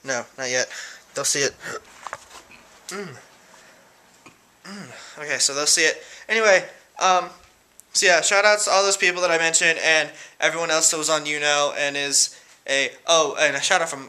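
A man's voice: on the high side, normal speed, sharp tone. Rambling, giggly young man vlogging. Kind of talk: casual shout-out vlog. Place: room at home.

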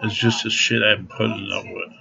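At home, a vlogger rants angrily at the camera, swearing freely and laughing through his anger. His voice is fairly low and level, at a moderate pace with vocal fry, and crowd noise sits behind him on a dull lo-fi recording.

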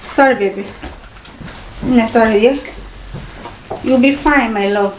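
A woman's voice: on the high side, measured pace. A woman with a Nigerian accent chatting casually as a mom vlogger, coaxing and affectionate with her children. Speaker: mommy vlogger. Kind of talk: casual vlog chat. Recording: echoey with loud background noise.

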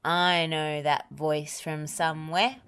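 A woman voicing a capable, kind female builder who talks briskly and reassuringly. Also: deep voice, flat delivery, a bit bright, clean tone, no echo, heavily acted.

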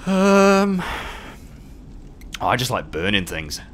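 A man doing casual live commentary while playing, excitable, swearing often and chatting with his viewers. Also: mid-range voice, takes it slowly, a little hiss or hum. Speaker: game streamer.

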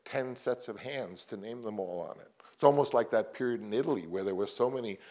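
An older man, a guest on a panel, telling stories in a rambling, halting way. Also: fairly low pitch, darkish tone. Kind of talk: anecdotal panel conversation.

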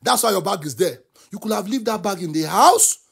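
A Nigerian man rants as a talk show host, his voice set high and full of gravelly fry. He sounds husky and heated, and he flips between English and Yoruba. Now and then he rises into shouting. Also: expressive, brisk. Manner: impassioned, switches between English and Yoruba, often bursts into shouts. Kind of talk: animated commentary rant.

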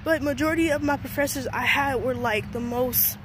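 A woman's voice: high voice, moderate pace, noisy background. A young woman, a college student vlogger, venting and rambling casually to her viewers with lots of filler words. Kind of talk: casual vlog talk to camera.

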